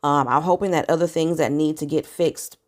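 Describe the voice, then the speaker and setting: A woman's voice: low voice, fairly even intonation, a little fast. A woman vlogger chatting casually with viewers and reading news articles aloud. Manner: chatty, conversational, addresses viewers directly. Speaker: vlogger giving news updates. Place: home in California.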